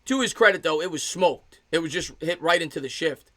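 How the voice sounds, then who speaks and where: A man in his thirties calls a baseball game pitch by pitch as an excited fan, stopping to thank and answer his chat viewers. His voice is bright and forward, a little above the usual pitch for a man. The sound is dry and close, with no room around it. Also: brisk, dry recording. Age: 30s. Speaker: fan play-by-play streamer. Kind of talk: live play-by-play commentary with chat replies.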